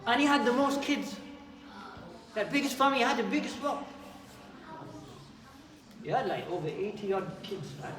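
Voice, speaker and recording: A man giving a storytelling talk to children, lively, asking them questions and acting out voices. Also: extremely high pitch, moderate pace, pauses often, a crowd in the background. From England. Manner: lively, asks the kids questions, acts out voices. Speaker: youth speaker. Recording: echoey hall, far mic, faint background hum.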